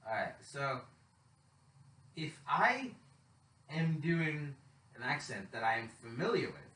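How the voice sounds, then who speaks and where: A young man from Canada co-hosting a casual podcast, loud and swearing, often breaking into laughter and cutting in. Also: mid-range voice, sing-song, slow, recorded from a distance. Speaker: podcast co-host. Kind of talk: casual chat. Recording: roomy echo, away from the mic.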